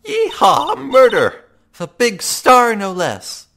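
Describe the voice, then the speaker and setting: Give me a player voicing an excitable, pushy woman reporter with a twang, over game music. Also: medium pitch, a little slow, a little hiss or hum, pitched above the performer's own voice. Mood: excited. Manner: brash, excitable, with a put-on twang. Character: brash, pushy woman photojournalist. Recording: game music playing under the voice.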